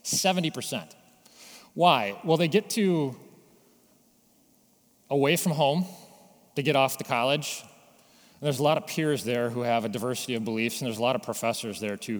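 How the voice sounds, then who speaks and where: A man delivers a sermon in an easy, conversational teaching voice that keeps throwing rhetorical questions at the listeners. His pitch sits in an ordinary middle range for a man. The sound carries a long reverb tail, as if recorded in a large hall. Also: moderate pace. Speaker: pastor.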